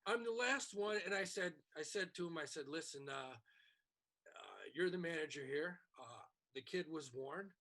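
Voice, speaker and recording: Male podcast co-host, bright husky tone, animated storyteller. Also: a little high, moderate pace. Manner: animated storyteller acting out quoted people. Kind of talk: casual storytelling.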